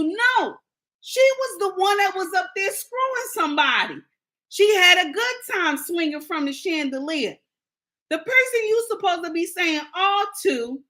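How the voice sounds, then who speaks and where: Sassy high-voiced woman ranting. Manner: animated, sassy and indignant, acts out quotes. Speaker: commentator. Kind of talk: casual rant to viewers.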